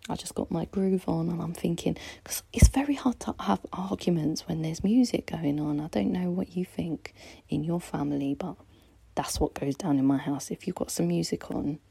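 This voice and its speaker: A woman in her thirties chatting between songs as a home radio DJ, excitable and often dropping into soft half-whispers. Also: fairly low pitch, moderate pace, creaky, slightly rough, no echo. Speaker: mum hosting a home radio mixtape. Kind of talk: casual chat between songs. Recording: dry close recording with faint music behind.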